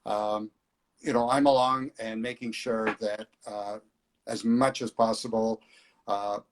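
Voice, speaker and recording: A man's voice: lowish voice, slow pace. A middle-aged man organizing flying tours, chatting casually in an interview with many fillers. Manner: relaxed storyteller, hesitant fillers.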